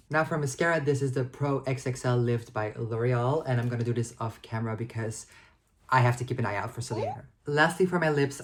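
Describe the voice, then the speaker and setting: A young woman in her twenties chatting casually to the camera in a vlog, self-deprecating and full of filler likes. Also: very deep voice. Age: 20s. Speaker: vlogger.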